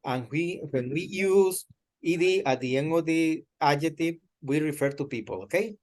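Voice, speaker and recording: A man's voice: fairly high pitch, normal speed, darkish tone. A male English teacher, giving an online lesson over a video call and patiently correcting his student word by word.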